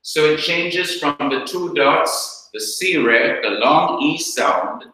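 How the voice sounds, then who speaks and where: A Jamaican man teaches grammar in a slow, measured lecture, walking through each point with care. His voice is bright and sharp. The room around him rings with heavy echo. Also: fairly high pitch. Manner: slow, deliberate explaining, repeats points. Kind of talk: classroom lecture. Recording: very echoey room.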